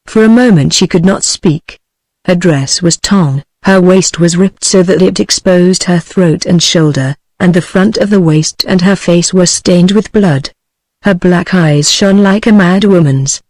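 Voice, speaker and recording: A synthetic text-to-speech voice of a woman with a British English accent, narrating a novel in a steady, even, machine-like delivery. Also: fairly low pitch, no room sound, rough recording. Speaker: audiobook narrator.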